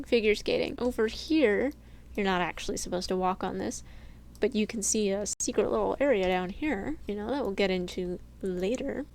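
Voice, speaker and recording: A woman's voice: a little high, vocal fry. A young woman casually narrating a tour of her game build, chatty and self-deprecating, laughing often and sounding a little sleepy. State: sleepy, yawning. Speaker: gaming channel host. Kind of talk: casual game walkthrough voice-over.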